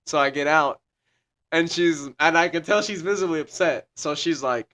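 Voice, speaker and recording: A man's voice: fairly high pitch, moderate pace, fairly bright tone. A young man co-hosting a podcast, chatting casually and telling a long rambling story full of swearing. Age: young adult. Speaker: podcast co-host. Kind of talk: casual chat.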